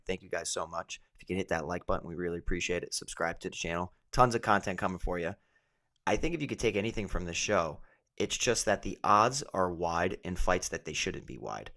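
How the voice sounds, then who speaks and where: A man, a fighter and co-host, chatting casually about fight betting in a relaxed way, thinking aloud with many asides. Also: low voice. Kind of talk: casual sports betting chat.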